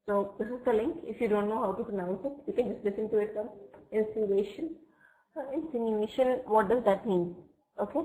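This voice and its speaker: Woman, online English teacher, mid-pitched, patient and slow, checks in often, computer mic. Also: a little mellow, low-quality recording. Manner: patient, explains words slowly and checks "okay?" often. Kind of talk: live online class.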